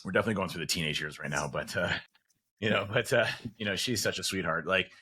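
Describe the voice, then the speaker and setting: A man talks quickly in a loose, rambling way, full of fillers and restarts. His voice is bright and forward, and he drops into little acted bits of dialogue as he goes. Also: deep voice, slightly rough. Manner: acts out quoted dialogue. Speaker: podcast guest. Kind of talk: casual conversation.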